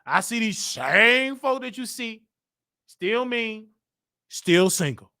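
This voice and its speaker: A man hosting a show, telling a church story in a dramatic, preacher-like way that rises to shouts. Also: sits high, animated, takes it slowly, clean tone. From Chicago. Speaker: show host. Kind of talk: animated storytelling monologue.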